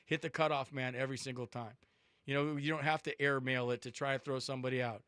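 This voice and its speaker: A man's voice: medium pitch, fairly even intonation, fast talker, fairly bright tone, clean tone, dry recording, studio quality. A man hosting a sports call-in radio show, talking emphatically and repeating words for stress.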